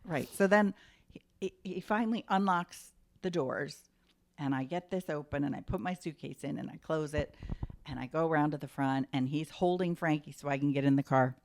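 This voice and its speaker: A woman's voice: sits low, moderate pace. Chatty mother telling family stories. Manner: animated storyteller, acts out quotes. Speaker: podcast co-host, mother. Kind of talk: casual chat.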